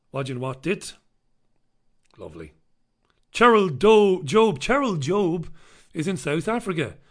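A man's voice: fairly high pitch, vocal fry, fairly bright tone. An Irish man hosting a live stream in casual chat, sardonic and sweary as he greets viewers and riffs on the news. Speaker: livestream host.

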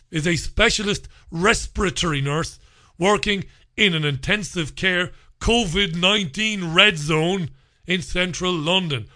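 A man's voice: sits high, sharp tone. A man hosting a talk radio show, rambling through listener messages in a sarcastic, mocking monologue.

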